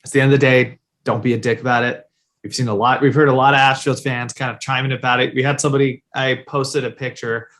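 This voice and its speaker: A man's voice: mid-range voice, little pitch movement, fast talker, fairly bright tone. Rambling man on a sports podcast. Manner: loose and rambling, heavy on fillers, swears casually. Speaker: podcast co-host. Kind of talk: casual sports chat.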